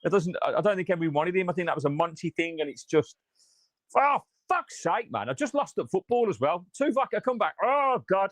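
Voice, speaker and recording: A man with a fairly high voice, recorded dry and close, with no room sound. He rants in frustration, swears often and reads out viewer comments as he reacts live after the match. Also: expressive, quick pace, few pauses, dry recording. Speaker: fan channel host.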